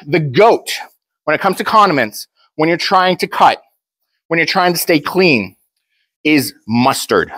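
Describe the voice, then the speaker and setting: A man's voice: a little high, a bit bright, no room sound. A young man talking casually to camera, blunt and joking, rambling with frequent restarts. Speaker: powerlifter vlogger.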